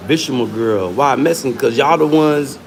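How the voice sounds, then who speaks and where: A man's voice: medium pitch, unhurried, slight background noise. A man with hosting a livestream, taunting and arguing with users in his chat in a casual, combative way. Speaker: livestream host.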